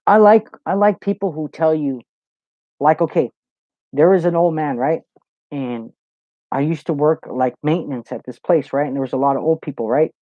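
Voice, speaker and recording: A man rambles easily through a live Q&A, swearing freely and spinning stories. His voice sits a little high. The recording is dry and dull, close and lo-fi. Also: normal speed, no echo. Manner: loose, profane, storytelling with lots of "you know". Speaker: host of a live Q&A show. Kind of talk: casual livestream chat, reading viewer comments.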